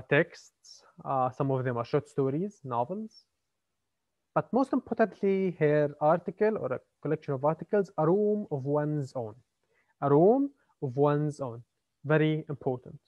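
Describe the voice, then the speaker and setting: A male university lecturer explains his subject slowly and haltingly, stopping on fillers and restarting phrases. The recording is dry and close, with a slightly dull, lo-fi tone. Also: a little high, dry recording. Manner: hesitant, many fillers and repeated words. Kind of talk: classroom lecture.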